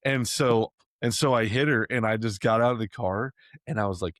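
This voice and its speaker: A man's voice: fairly low pitch, moderate pace, a bit bright, no echo, clean studio sound. A man hosting a podcast, telling casual stories with lots of fillers and frequent laughter. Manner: chatty storyteller, laughs often, many fillers. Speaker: podcast host. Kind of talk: casual chat.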